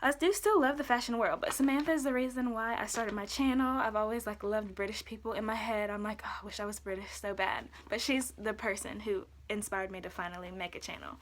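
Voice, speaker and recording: A woman's voice: fairly high pitch, steady tone, slight background noise. Chatty young woman vlogger. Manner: chatty, quick, filler-heavy, upbeat. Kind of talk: casual chat to camera.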